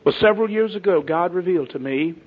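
A middle-aged man preaching a sermon in a folksy, emphatic way, swinging between loud and hushed delivery. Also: high voice, fast talker, slightly rough. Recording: tinny lo-fi phone-like audio.

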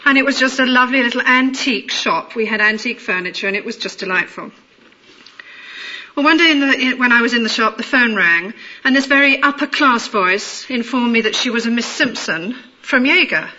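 A woman with a middle-class London accent, telling a personal story in a measured, amused way, in a dull lo-fi recording. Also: on the high side, bright, forceful tone. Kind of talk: personal anecdote told aloud.

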